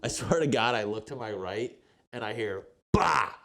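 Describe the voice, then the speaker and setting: A man's voice: on the low side, moderate pace, a bit bright. A young man hosting a podcast, telling a rambling, profane story in casual chat and acting out what people said. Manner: profane, rambling, acts out quotes. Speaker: podcast host.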